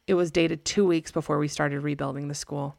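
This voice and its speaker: A woman playing a gruff, raspy old great-uncle who speaks slowly and curtly. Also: a little high, steady tone, darkish tone, no echo, clean studio sound. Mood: grave. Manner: slow, curt.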